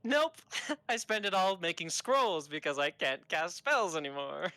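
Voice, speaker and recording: Bright-voiced young game master. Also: male voice, sits high, lively intonation, a little slow, clean tone. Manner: casual, laughs often, lots of fillers. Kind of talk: narrating a tabletop game.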